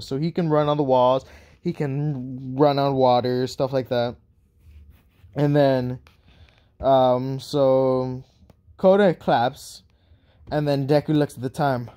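Halting young man telling a fan story. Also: mid-range voice, dark tone. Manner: halting, many ums and restarts. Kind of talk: improvised fan story narration.

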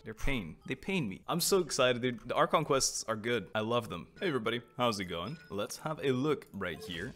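Lively, joking male game streamer. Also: medium pitch. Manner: chatty, joking, often laughing. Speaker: gaming streamer. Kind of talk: casual gameplay commentary.

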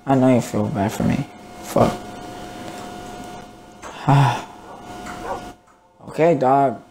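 A man's voice: medium pitch, very slow, dark tone, a little hiss or hum. A man casually commenting on his gameplay, grumbling, swearing and muttering to himself. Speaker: gamer. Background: game music.

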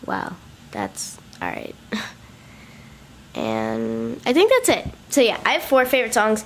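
A woman's voice: mid-range voice, slight background noise. A teenage girl vlogger who is losing her voice, rambling through a casual outro and poking fun at herself. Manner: chatty, rambling, self-mocking.

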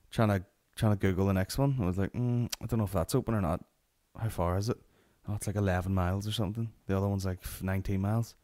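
Northern Irish male comic host, lowish voice, rambling sweary storyteller. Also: darkish tone. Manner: sweary, rambling anecdotal delivery. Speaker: podcast host. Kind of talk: solo comedy podcast storytelling.

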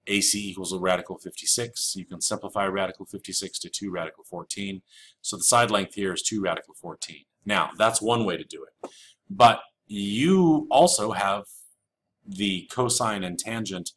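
Speaking in a low voice with a fairly bright tone, a man teaches geometry in a recorded flipped-classroom lecture. As a math teacher, he goes step by step and repeats key rules with casual fillers, with slight background noise behind him.

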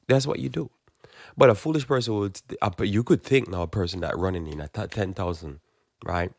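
Deep, gravelly-voiced male preacher. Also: a little mellow, no room sound, clean studio sound. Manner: conversational preaching with frequent restarts and repeated words; acts out quoted exchanges in a quick casual voice. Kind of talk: informal sermon.

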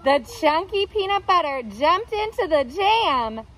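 A woman teacher reading a picture book aloud to young children, expressive and playful, putting on voices for the characters. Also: extremely high pitch, measured pace, slight background noise, poor audio. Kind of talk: read-aloud storytime for children.

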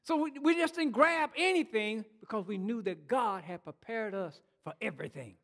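A man's voice: high voice, animated, moderate pace, fairly bright tone, in a large hall. A male pastor preaching a sermon, urging his congregation on and often restarting and repeating words as he speaks.

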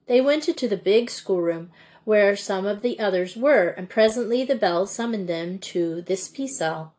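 A woman reading a children's storybook aloud in a measured, deliberate way. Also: medium pitch, animated, a little mellow. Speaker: audiobook reader. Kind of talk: storybook narration.

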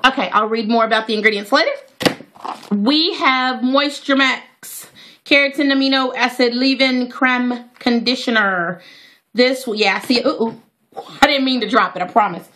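A woman chatting excitedly to her viewers as she unboxes hair products in a casual vlog. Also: on the high side, moderate pace, a little hiss or hum. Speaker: natural hair vlogger.

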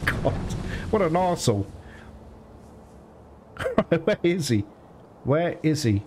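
Guy doing let's play commentary, high lively voice, jumpy and sweary, game music under him. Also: slow, long pauses, slight background noise. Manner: excitable, swearing and laughing at the game. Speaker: gaming channel host.

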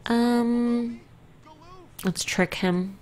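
A woman casually commenting on her own gameplay, often dropping to a soft whisper. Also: on the high side, steady tone, very slow. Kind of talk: casual let's-play commentary.

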